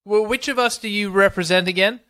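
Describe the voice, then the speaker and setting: A man co-hosting a comedy podcast, firing off questions in a quick, deadpan way. His voice is bright and a little high, and it sounds close and dry. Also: dry recording. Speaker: podcast co-host.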